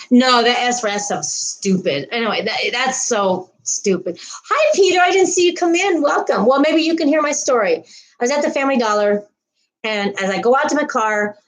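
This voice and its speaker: A woman's voice: a little high, poor audio. A woman hosting a casual livestream, rambling through a story and greeting viewers' comments. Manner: frequent laughs and restarts. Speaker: livestream host.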